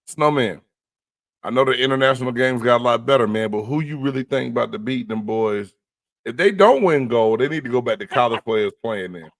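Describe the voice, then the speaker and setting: A man co-hosting a sports show, talking in a laid-back, casual way and giving shout-outs. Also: mid-range voice, a little fast, dry recording. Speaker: sports podcast co-host.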